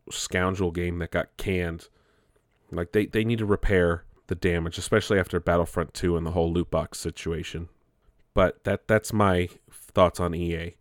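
A man's voice: low-pitched, dry recording, clean studio sound. A man giving casual, rambling commentary, often restarting his sentences and swearing offhand. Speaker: gaming commentator.

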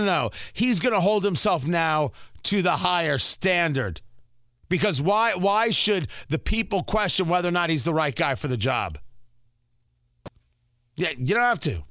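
Man, talk radio host, sarcastic, lively swooping high voice, bright tone. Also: dry recording, studio quality. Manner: sarcastic, indignant. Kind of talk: opinionated talk radio commentary.

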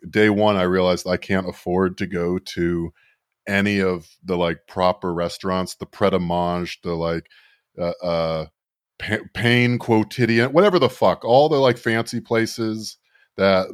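A low-pitched man talks through the news on a podcast, sardonic and rambling, tripping over his own restarts. The sound is dry and close, with no room around it. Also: smooth, no room sound. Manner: sardonic, rambling, frequent self-corrections. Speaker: podcast co-host. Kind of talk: casual political podcast banter.

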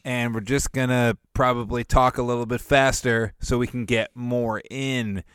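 A man's voice: medium pitch, flat delivery, normal speed, a bit bright, clean tone, no room sound, studio quality. A man co-hosting a casual podcast, talking in a playful, joking way. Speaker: podcast co-host. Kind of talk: casual chat.

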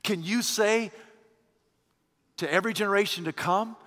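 Male preacher, high and bright, exhorting then dropping to a hush; long church-hall reverb. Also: normal speed. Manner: swings between loud rising exhortation and hushed low reflection; addresses listeners as friend, repeats phrases. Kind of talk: sermon.

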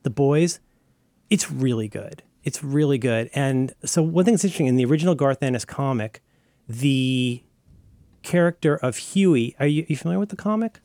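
Rambling, animated man in dry chat. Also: mid-range voice, normal speed, no echo. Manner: animated, rambling, many fillers and restarts. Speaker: podcast co-host. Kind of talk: casual chat.

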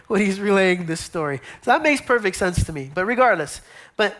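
A woman's voice: medium pitch, expressive, fast talker, few pauses, a bit bright. A woman preaching a sermon, telling a scene with vivid retelling, drops to whispers for imagined dialogue, and often repeats and restarts her phrases. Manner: storytelling, acting out scenes with whispered asides.

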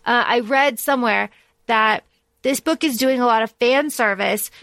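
A woman's voice: fairly high pitch, normal speed, fairly bright tone, dry recording. A woman co-hosting a book podcast in casual chat, blunt and swearing freely, acting out scenes as she retells them. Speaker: podcast co-host.

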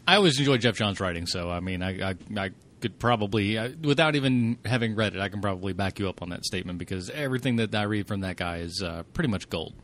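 A man's voice: on the low side, quick pace, few pauses, a bit bright, a little hiss or hum. A man co-hosting a casual podcast chat, joking and swearing as he talks. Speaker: podcast co-host.

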